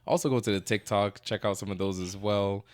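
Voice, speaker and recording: A man's voice: lowish voice, steady tone, brisk. A man co-hosting a podcast in casual chat, laid-back and slangy, swearing now and then. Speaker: podcast co-host.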